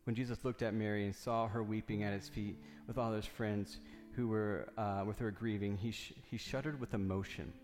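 A man's voice: lowish voice, fairly even intonation, normal speed, few pauses, a little mellow, soft background music. Fervent preacher man, echoing hall. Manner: reads scripture then preaches with rising fervor, repeating lines. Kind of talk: sermon with Bible reading.

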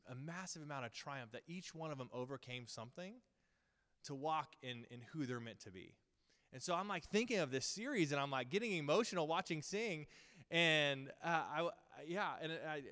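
A man in his thirties, pastor of a Bible school series, delivers a rambling, earnest, casual sermon full of fillers and restarts. His pitch is fairly high and his tone a bit bright. A large hall lends long reverb.

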